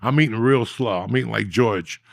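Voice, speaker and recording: Male podcast host, gravelly and rough, dry close sound, profane and animated storyteller. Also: fairly low pitch, normal speed, dry recording. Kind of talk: casual storytelling.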